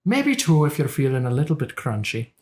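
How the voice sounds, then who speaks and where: A man imitating a calm, soothing European man who narrates his own cooking videos in an unbothered, gentle way. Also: medium pitch, close to an everyday voice. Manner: slow, unbothered, gentle delivery. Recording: echoey room.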